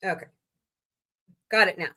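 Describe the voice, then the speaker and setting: A woman's voice: measured pace, pushed and bright. A woman from Missouri hosting a casual live stream, chatty and rambling with frank asides to her viewers. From Missouri, USA. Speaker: livestream host.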